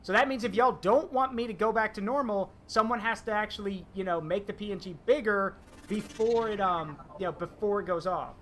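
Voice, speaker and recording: A man's voice: high-pitched, brisk, few pauses, a bit bright, a little hiss or hum. A man streaming a game, chatting in a rambling, teasing way. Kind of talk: casual gaming stream chat. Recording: game music behind.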